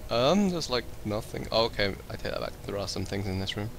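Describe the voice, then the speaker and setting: A man's voice: fairly low pitch, big pitch swings, fairly quick, vocal fry, a little hiss or hum. A young man playing an online game with friends, joking and complaining playfully over voice chat. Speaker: gamer on voice chat. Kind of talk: casual gaming banter. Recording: game music behind the voice chat.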